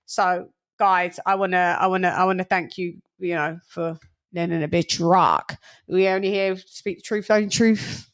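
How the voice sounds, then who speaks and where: A woman hosting a boxing talk stream, chatting casually and giving loud shout-outs, swearing freely. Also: on the low side, steady tone, normal speed. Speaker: boxing channel host. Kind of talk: casual livestream chat.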